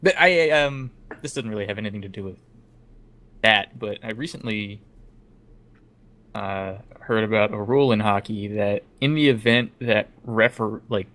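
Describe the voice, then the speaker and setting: Guy with a lowish voice rambling about rules on a podcast, lots of likes. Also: moderate pace, a bit bright. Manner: explains hockey rules at length, many "like" fillers. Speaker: podcast co-host. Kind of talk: casual podcast chat.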